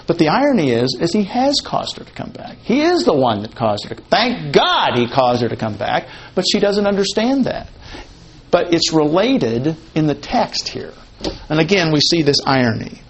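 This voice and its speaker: A man teaching a Bible passage in a conversational way, slowing down to quote and stress words of the text. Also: a little high, big pitch swings, a little hiss or hum. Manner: conversational, explains Hebrew word order, quotes text slowly with emphasis.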